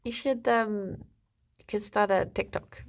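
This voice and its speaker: A woman's voice: medium pitch, fairly even intonation, unhurried. A young woman streaming live, chatting casually with viewers and rambling to her pet rabbits. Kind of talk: casual chat reading viewer comments.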